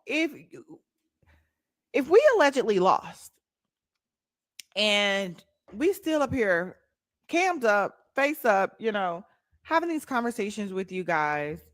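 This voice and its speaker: Young woman host, AAVE accent, animated and sassy; bright tone, lively pitch, dry close sound. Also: dry recording. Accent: African American Vernacular English. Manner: animated, sassy, talks back to chat. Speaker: livestream host. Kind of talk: casual livestream chat.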